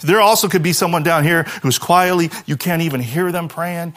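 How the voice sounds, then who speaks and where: A male pastor preaching to his congregation with a high, light voice. He is animated and direct, and he sinks into a near hush whenever he voices a prayer. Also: fairly quick, hardly any pauses. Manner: animated preaching, dropping to a hushed voice for quoted prayers. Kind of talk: sermon.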